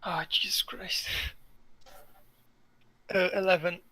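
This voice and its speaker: Male player, high and bright, easygoing and playful. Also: flat delivery, slow, no echo. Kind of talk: casual tabletop play.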